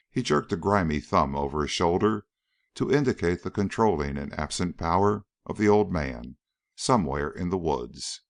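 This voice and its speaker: Deep-voiced male audiobook narrator. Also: animated, normal speed. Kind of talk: scripted narration.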